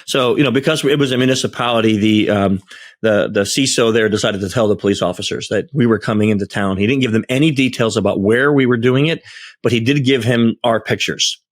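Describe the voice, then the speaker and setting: A man's voice: medium pitch, a little fast, no room sound. Guy on a podcast telling a story, acts out the quotes, dry close sound. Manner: animated, acts out quoted dialogue. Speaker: podcast host and security tester. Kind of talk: casual storytelling chat.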